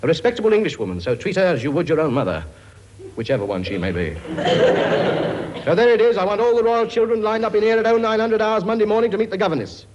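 A man's high voice swings widely in pitch and moves quickly as he plays a blustering cockney-style king ordering his many kids around with brash jokes. The tone is a little mellow, but the studio sketch recording is muffled.

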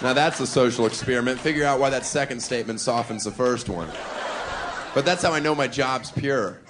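A man's voice: medium pitch, brisk. A man performing a stand-up comedy set on a club stage, brash and provocative, mocking his audience. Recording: live club with crowd laughter and noise.

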